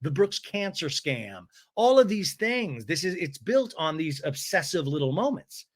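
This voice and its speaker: A man hosting a podcast, recapping a reality TV episode with animated, sarcastic, gossipy commentary. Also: on the high side, measured pace. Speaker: podcast host.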